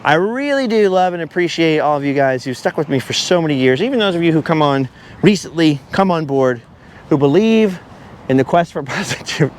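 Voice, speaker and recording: This is a rambling walk-and-talk vlog from a man walking a beach outdoors, his voice a little high, animated, and fairly quick. Slight background noise can be heard as he talks at length and strays off topic.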